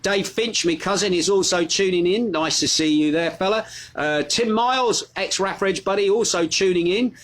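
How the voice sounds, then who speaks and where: A man's voice: high-pitched, normal speed, fairly bright tone. A middle-aged man hosting a casual live stream, chatting and greeting his viewers by name. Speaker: host of a live news stream.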